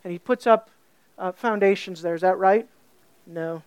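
A woman preaching a sermon, animated, asking her listeners questions and stretching key words slowly for emphasis. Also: lowish voice, clear, resonant tone, no room sound.

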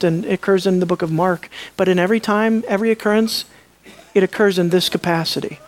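A preacher delivering a sermon, asking the audience questions and swinging between loud, high emphasis and low, quiet asides. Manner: asks the audience rhetorical questions.

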